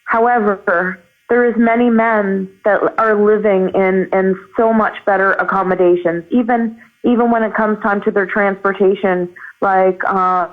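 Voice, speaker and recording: A woman calling in as a guest, a farm owner, speaking earnestly and haltingly with many fillers. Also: medium pitch, fairly even intonation. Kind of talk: phone call on a livestream. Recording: tinny phone line.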